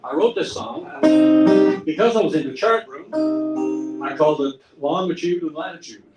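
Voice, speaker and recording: A man's voice: fairly high pitch, animated, measured pace, loud music behind the voice. A man with a Newfoundland accent telling a rambling, self-mocking story at a pub event, full of restarts and dry humor. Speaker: singer-songwriter and storyteller. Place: pub room. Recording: echoey room, distant mic, faint noise.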